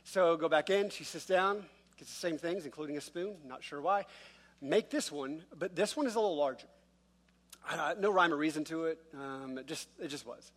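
A man's voice: a little high, normal speed, a bit bright. Man preaching with a humorous storytelling touch. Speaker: pastor. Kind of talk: sermon with a personal story. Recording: long reverb of a large church hall.

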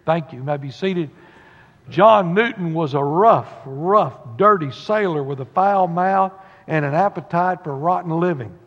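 A man's voice: fairly high pitch, measured pace. A man, a pastor preaching a sermon to his congregation in a folksy, conversational way. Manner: folksy preaching with Southern turns of phrase. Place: church sanctuary. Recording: dull sound in a long-reverb sanctuary.

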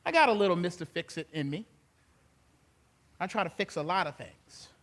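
High-voiced, animated preacher man. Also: moderate pace. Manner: animated preaching, swings from soft to loud; gets emotional and laughs while speaking. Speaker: pastor. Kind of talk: sermon.

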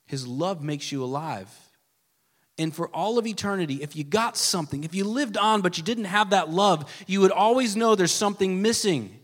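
A pastor preaching a sermon with earnest emphasis that drops at times to a hushed, soft delivery. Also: male voice, sits high, animated, moderate pace. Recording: long reverb of a large hall.

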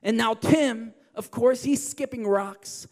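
High-voiced pastor preaching in a reverberant hall. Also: male voice, slow. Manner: preachy, swings from loud to hushed. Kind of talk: sermon.

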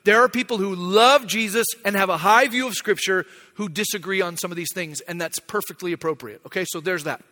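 Middle-aged pastor guy, high bright voice, chatty sermon, big echoey church hall. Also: fairly quick. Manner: conversational, self-deprecating. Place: church sanctuary.

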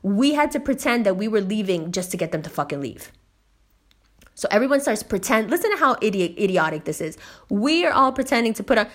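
Young woman, slangy storytelling rant, heavy swearing, emphatic. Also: mid-range voice. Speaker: host.

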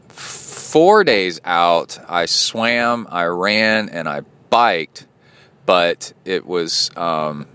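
A man's voice: sits low, bright, forceful tone, smooth. A man hosting a triathlon podcast, talking in a rambling, casual way with lots of fillers. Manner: rambling, chatty, many fillers. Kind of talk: casual spoken diary.

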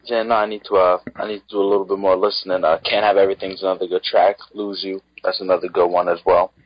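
A man's voice: deep voice, little pitch movement, quick pace. A man co-hosting a podcast, giving a hesitant casual album review full of ums. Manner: hesitant, lots of ums, lists tracks. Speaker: podcast co-host. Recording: dry, dull lo-fi audio.

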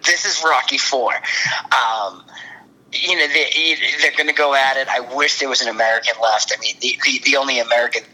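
A man co-hosting a sports talk show, animated and opinionated, often stumbling over repeated words as he starts a point. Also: medium pitch, fairly quick, slightly rough, poor audio. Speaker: podcast co-host. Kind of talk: casual sports chat.

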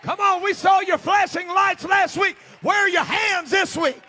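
A man preaching a revival sermon, shouting and exhorting his congregation to praise. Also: extremely high pitch, normal speed, some chatter behind, a little hiss or hum. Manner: shouting, call-and-response exhortation.

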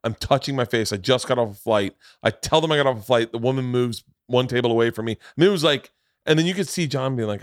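A man's voice: medium pitch, fast, no echo, studio quality. A man hosting a podcast, telling a long rambling story in casual chat, swearing freely. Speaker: podcast host.

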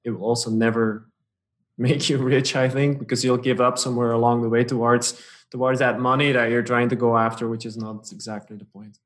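A man hosting a podcast, speaking casually and haltingly, often restarting words and laughing easily. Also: medium pitch, level tone. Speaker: podcast host. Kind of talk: casual interview conversation.

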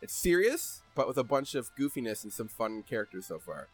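A man hosting a podcast in casual chat, animated and rambling, and laughing as he tells stories. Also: mid-range voice, brisk, faint music behind. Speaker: podcast host.

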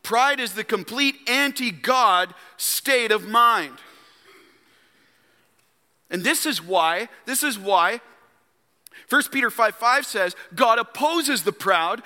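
A man's voice: very high voice, lively intonation, a little slow, pushed and bright. A man preaching a sermon as pastor, emphatic and calling on the congregation to respond. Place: church sanctuary. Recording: long hall reverb.

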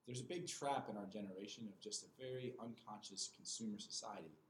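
A man's voice: lowish voice, brisk, slight background noise. Earnest young man in an echoey room. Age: 20s. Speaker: podcast guest. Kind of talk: casual podcast chat, reading a passage aloud. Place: small room with other people. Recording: roomy echo with faint ambience.

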